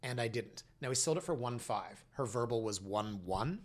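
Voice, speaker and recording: A Canadian man co-hosts a casual podcast. He tells lively, joking stories and acts out the people he quotes. His pitch sits in the middle of the usual range. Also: moderate pace. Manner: animated, acts out dialogue in quoted voices. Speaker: realtor and co-host.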